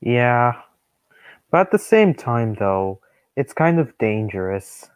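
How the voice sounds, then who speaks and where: A man's voice: medium pitch, big pitch swings, clear, resonant tone, no echo. A young man in casual chat as a stream guest, chatty and opinionated. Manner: chatty, opinionated, quick agreeing. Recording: dull, dry lo-fi stream audio.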